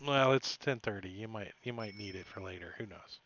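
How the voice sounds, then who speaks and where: Casual bright-voiced man running a dice game. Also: lowish voice, fairly quick, a little hiss or hum. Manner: casual, swearing, laughing often. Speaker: dungeon master. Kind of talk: narrating a tabletop game.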